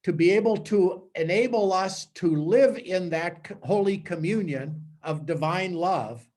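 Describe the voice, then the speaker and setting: A man, a priest, giving a conversational teaching talk to a small group with animated storytelling. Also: high-pitched, unhurried.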